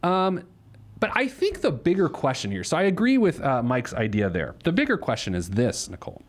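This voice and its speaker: A man's voice: a little high, sing-song, brisk. A man hosting a money advice show, talking casually and joking, with lots of fillers. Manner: joking, rambling with many fillers. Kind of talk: casual radio show banter.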